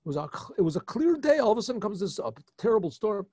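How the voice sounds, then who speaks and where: Rabbi retelling a story, mellow voice. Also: male voice, sits high, fast talker, no echo. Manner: animated retelling with frequent restarts and asides. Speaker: rabbi teaching a yeshiva class. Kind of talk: informal storytelling lesson.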